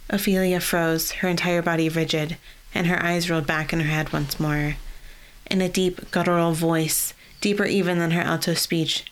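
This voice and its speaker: A woman's voice: lowish voice, fairly even intonation, normal speed. Woman narrating a fantasy audiobook.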